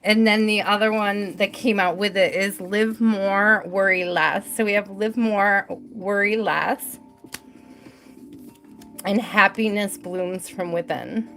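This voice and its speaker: A woman hosting a casual live tarot reading, bubbly and quick to laugh, talking to spirit and to her viewers in the chat. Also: mid-range voice, steady tone, a bit bright, soft background music. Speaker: tarot reader hosting a livestream.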